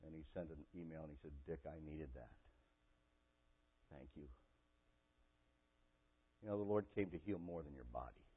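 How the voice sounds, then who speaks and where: A man preaching a sermon and telling a personal story with strong emotion, his voice swinging from loud and intense to quiet and soft. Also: extremely low pitch, moderate pace, pauses often, breathy edge. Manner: emotional storytelling, rising to near-shouting. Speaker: pastor. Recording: tinny phone-like audio.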